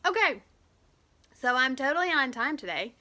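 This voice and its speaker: A woman's voice: sits high, big pitch swings, normal speed, pushed and bright. A woman hosting a live stream in a bubbly, chatty way and greeting viewers by name, filmed at home on a camera propped on a shoebox. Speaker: host of a weekly live stream. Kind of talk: casual live-stream chat.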